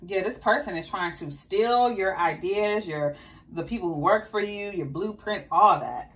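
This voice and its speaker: A woman's voice: mid-range voice, moderate pace, a bit bright. A woman giving a casual tarot reading, urging and repeating her advice. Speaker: tarot reader.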